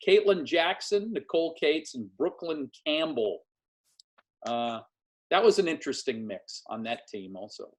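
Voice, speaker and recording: A fairly high-voiced man hosts a relaxed sports interview over a video call, and he spins his stories with energy. He acts out the people in them as he goes. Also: measured pace. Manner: animated storyteller, acts out quotes. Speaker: podcast host and former game announcer. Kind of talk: casual interview.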